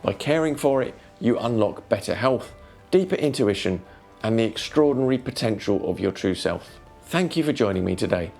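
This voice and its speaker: A man giving scripted narration for a wellness video, calmly counting off tips in an instructive way. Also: medium pitch, gravelly.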